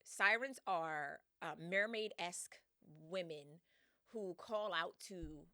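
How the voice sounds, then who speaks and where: A woman's voice: lowish voice, takes it slowly, no echo, studio quality. A woman hosting a podcast, retelling a story in casual slang with lots of energy and laughs. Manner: slangy, animated, laughs often. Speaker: podcast host.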